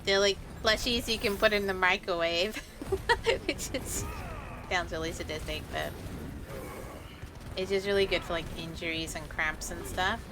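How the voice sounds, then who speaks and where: A woman's voice: lowish voice, measured pace, background noise. A woman streamer chatting casually and swearing freely while she plays a game.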